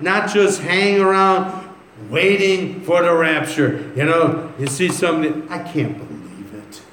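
A man preaches a sermon, reading scripture aloud before telling stories in a loose, conversational style. His voice is fairly high and fairly bright, recorded in an echoey room with faint ambience.

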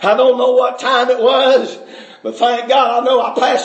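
High-voiced shouting Baptist-style preacher. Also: male voice, level tone, measured pace. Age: middle-aged. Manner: fervent, rising to shouts, Southern preaching cadence. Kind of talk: testimony sermon.

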